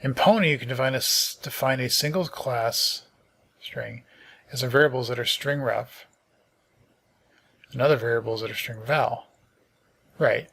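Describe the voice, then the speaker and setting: A middle-aged man at a mid-range pitch talks through programming notes on a casual stream, his voice carrying a gravelly edge. He sounds tired and yawning. He reads passages aloud, then trails off into thinking aloud with fillers and false starts. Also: normal speed, pauses often, fairly bright tone. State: sleepy, yawning. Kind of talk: casual live-coding stream, reading docs aloud.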